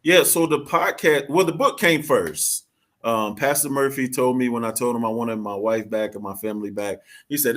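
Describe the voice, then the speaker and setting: A man's voice: medium pitch, fairly quick, fairly bright tone. A man, a podcast guest, sharing a personal story in an earnest, heartfelt way and acting out quoted dialogue. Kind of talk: personal testimony in conversation.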